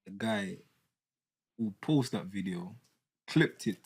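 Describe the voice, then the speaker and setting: A lower-voiced man hosts a podcast discussion. He speaks in a measured way and sums up what others argued. He leads the talk with steady follow-up questions. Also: breathy edge. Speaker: podcast host.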